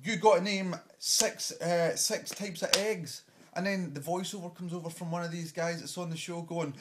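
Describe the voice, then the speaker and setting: A man on a comic rant, exasperated and sweary. His voice sits a bit high, and he trips over his words as he rails on. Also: fairly even intonation, moderate pace, fairly bright tone, a little hiss or hum. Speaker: vlogger.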